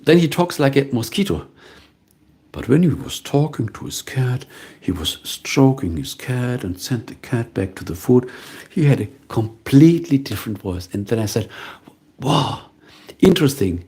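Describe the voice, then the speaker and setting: A middle-aged man, a voiceover artist, talks through viewer comments in a calm, musing, casual live-stream chat. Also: mid-range voice, normal speed, slightly rough. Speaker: voiceover artist hosting a livestream.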